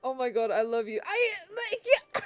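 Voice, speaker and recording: A woman streaming a game, reacting in an excitable way and swearing, laughing and exclaiming at what happens on screen. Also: high voice, normal speed, soft background music. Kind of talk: live gameplay commentary.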